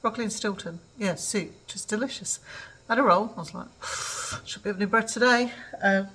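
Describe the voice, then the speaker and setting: A woman's voice: medium pitch, normal speed, bright, forceful tone, husky, low-quality recording. An older woman from England chatting casually in a home vlog, rambling with lots of ums. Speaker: vlogger. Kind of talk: casual chat.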